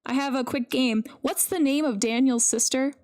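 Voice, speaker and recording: Woman co-host, casual film chat, quick opinionated delivery, a bit high-pitched. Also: a little mellow. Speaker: podcast co-host.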